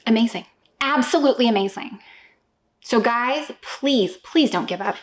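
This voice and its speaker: A woman in her thirties speaks directly to her audience about parenting, pressing each point home. Her voice sits a little on the high side, and she keeps pausing to ask "okay?" before moving on. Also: animated. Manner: emphatic, addresses the viewer with repeated "okay?". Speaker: homeschooling parent vlogger. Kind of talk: direct-to-camera talk.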